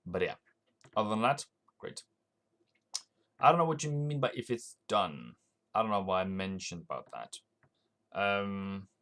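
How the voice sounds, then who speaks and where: A forex trading streamer with a Norwegian accent thinks aloud during a live stream, offering rambling market commentary with many restarts. His voice is lowish and a bit bright.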